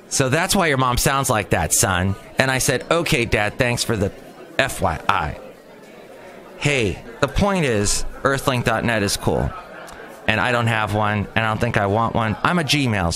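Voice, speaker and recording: Male solo podcast host, bright tone, mid pitch, loose jokey monologue that wanders. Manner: rambling, jokey, jumps between tangents. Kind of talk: casual comedic monologue.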